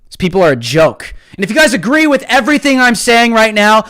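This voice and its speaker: A man hosting a live stream, ranting about politics with heated passion, often shouting and taunting his viewers. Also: high-pitched, big pitch swings, brisk. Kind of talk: political commentary rant.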